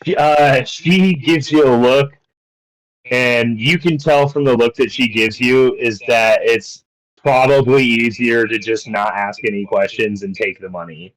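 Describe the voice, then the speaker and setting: Guy dm'ing a tabletop game, average pitch, walks everyone through the rules. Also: steady tone, measured pace, rough recording. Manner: explains rules, apologetic over mix-ups. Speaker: dungeon master.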